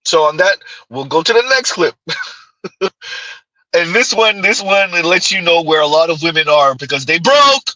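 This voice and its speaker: A man hosts a casual stream, reacting to clips with a mocking, giggling delivery. His voice sits high and very bright, with a husky edge. The sound is dry and close. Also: expressive, normal speed, no echo, poor audio.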